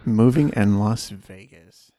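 A man's voice: on the low side, takes it slowly, mellow, no room sound, clean studio sound. A man co-hosting a podcast, trading puns in casual, playful banter and laughing often. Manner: giggly, playful. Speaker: podcast co-host.

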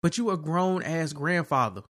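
A man co-hosting a podcast, ranting in a loose, profane, animated way during casual chat. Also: on the high side, moderate pace. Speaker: podcast co-host.

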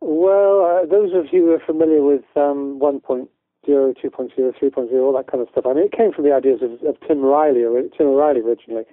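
A man's voice: medium pitch, quick pace, dry recording. Man on a tinny phone line. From United Kingdom. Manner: rambling, with many restarts and fillers. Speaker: guest educator. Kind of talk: casual conversational interview.

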